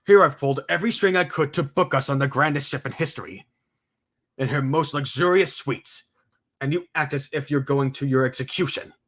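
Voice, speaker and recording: A man's voice: medium pitch, brisk, fairly bright tone, pitched above the performer's own voice, close to an everyday voice. A man voicing an arrogant wealthy young man who speaks in a smug, condescending way. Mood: scolding.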